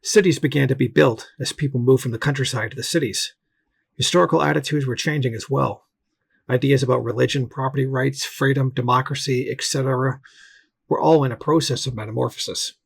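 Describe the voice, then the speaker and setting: A man giving a steady, measured read-aloud history commentary as a political commentator, with occasional restarts. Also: medium pitch, creaky, husky.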